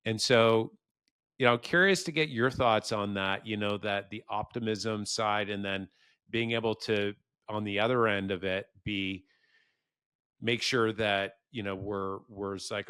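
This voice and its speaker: A man's voice: fairly low pitch, steady tone, unhurried, a bit bright, smooth, no echo, studio quality. A man hosting a podcast interview, talking casually and animatedly, acting out quoted thoughts with laughter. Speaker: podcast host. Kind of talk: conversational interview.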